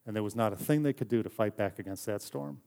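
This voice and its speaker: A man preaching a sermon in a conversational, story-telling way, often dropping to a soft hush for emphasis. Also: on the low side, fast, gravelly. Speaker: pastor.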